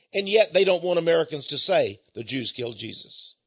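A man's voice: a little high, very animated, fairly quick, slightly rough, no room sound. A man preaching an emphatic, repetitive monologue that speaks directly to his listeners. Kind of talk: radio-style sermon monologue. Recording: dull, muffled dry recording.

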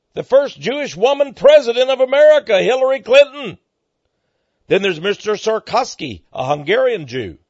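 A man delivers a monologue commentary, his husky voice sitting a little high and swinging widely as he pushes points hard. The recording is dry and dull, with a lo-fi edge. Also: no echo. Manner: emphatic, rising to excited outbursts. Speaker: commentary host.

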